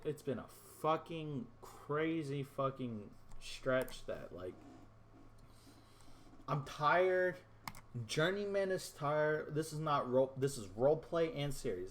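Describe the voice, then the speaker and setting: A male gaming YouTuber rants to his viewers about a simulation, with a middle-pitched voice. He swears freely and rambles in casual frustration. A faint hiss of noise sits under the recording. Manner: addresses viewers as "boys". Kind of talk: casual gameplay commentary.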